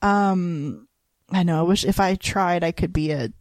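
A woman's voice: lowish voice, unhurried, a little mellow, dry recording. Rambling, giggly woman chatting on a podcast. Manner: rambling, lots of fillers and laughs. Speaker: podcast co-host; hospital chaplain resident. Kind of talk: casual chat.

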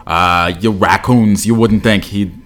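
A man's voice: lowish voice, steady tone, unhurried, crowd noise, close to an everyday voice. A man voicing a small male raccoon in the style of a Brooklyn tough guy, as an offhand, mocking impression.

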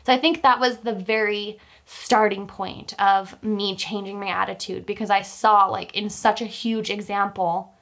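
A woman's voice: mid-range voice, steady tone, moderate pace, few pauses, fairly bright tone. A young woman telling a personal story in casual chat, talkative, with many fillers and restarts. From Utah, US.

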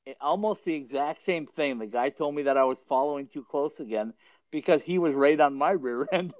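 A man's voice: on the high side, a little fast, no room sound. Chuckling male podcast host, lo-fi. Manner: rambling, chuckles often mid-sentence. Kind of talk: casual storytelling chat. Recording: dull lo-fi dry sound.

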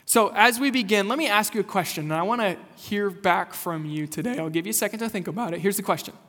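A young lead pastor from rural Kansas preaches a lively, conversational sermon with a fairly high-pitched voice. He asks the congregation questions and keeps a friendly, engaged manner. His voice rings with a long reverb through a church sanctuary. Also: fast talker.

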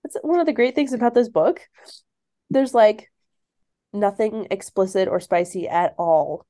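A woman co-hosts a book podcast, chatting casually and enthusiastically about books under review and laughing between remarks. Her voice is medium-pitched, mellow and a little slow.

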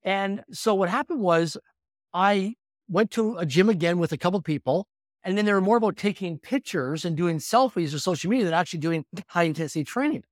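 A man in his fifties, a podcast guest telling his story with energetic, animated delivery. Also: high-pitched, a little fast, no echo, studio quality. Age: 50s. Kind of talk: storytelling in conversation.

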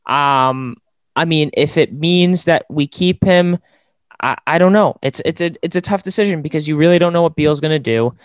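A man's voice: medium pitch, clear, resonant tone, dry recording. Sports podcast guy rambling his takes, lots of ums, dry mic. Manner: rambling, opinionated, with many fillers. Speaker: podcast host. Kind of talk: casual sports podcast chat.

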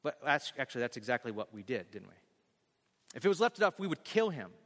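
A male pastor delivering a sermon emphatically, repeating key phrases and slowing on scripture. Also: medium pitch, big pitch swings, fairly bright tone. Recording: long hall reverb.

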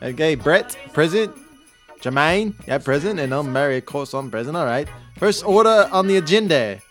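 A man putting on a fussy, deadpan band manager with a New Zealand accent, earnestly running a meeting. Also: fairly high pitch, normal speed, faint music behind. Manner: deadpan, earnest roll-call delivery.

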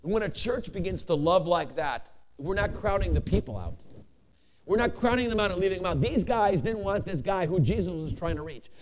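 Male preacher, high and lively delivery, animated storyteller who climbs to shouts. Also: brisk, background noise. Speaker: pastor. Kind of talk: sermon.

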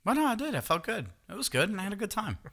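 A man's voice: sits high, sing-song, racing, gravelly, pushed and bright. A man co-hosting a podcast, talking in crude, laughing banter among friends. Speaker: podcast co-host. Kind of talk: casual chat.

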